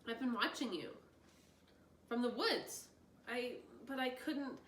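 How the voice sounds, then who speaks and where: A woman's voice: on the high side, a bit bright, voice pushed up. A woman reading aloud, voicing a frightened man from the woods who stammers and halts. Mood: fearful. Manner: halting, stammering. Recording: roomy distant mic, faint noise.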